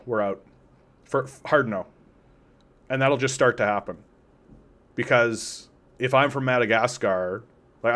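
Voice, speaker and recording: A man from Canada hosts a political commentary livestream with a somewhat low voice. He talks in a loose, rambling way and reads out viewer comments. Now and then he acts out imagined dialogue in exaggerated, mocking voices. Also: fairly bright tone, smooth. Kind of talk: unscripted livestream commentary, reading chat comments.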